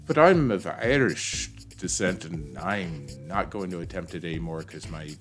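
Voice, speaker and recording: A man's voice: low-pitched, animated, normal speed, hardly any pauses, soft background music. A man streaming a game, rambling to himself and greeting chat as he plays. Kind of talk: casual gameplay commentary.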